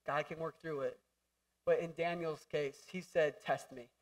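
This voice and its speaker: Male pastor, high voice, animated, jokey, preaching in a church hall. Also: normal speed, distant mic. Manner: animated, jokey, acts out voices and shouts for emphasis. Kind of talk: sermon.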